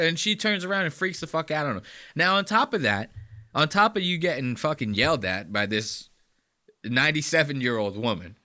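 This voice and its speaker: A man's voice: on the high side, lively intonation, fairly quick, bright, forceful tone. A man hosting a podcast, reacting to clips with profane, incredulous rants. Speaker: podcast host.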